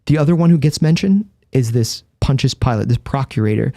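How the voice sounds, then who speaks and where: A man's voice: mid-range voice, expressive, a little fast, mellow, no room sound. A man, a Catholic priest and guest, explaining in earnest, vivid storytelling with a close studio microphone. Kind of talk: conversational explanation.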